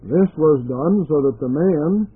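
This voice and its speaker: A man preaching a Bible sermon on the radio, slow and deliberate, emphatic, asking rhetorical questions. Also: a little high, animated, husky. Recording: tinny phone-like radio broadcast.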